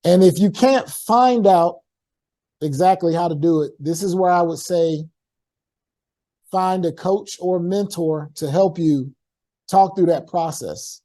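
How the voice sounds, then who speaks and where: A man with a high, mellow voice speaks with energy and emphasis, urging listeners on. He sounds like a guest speaker on a video call. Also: a little slow. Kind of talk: online workshop talk.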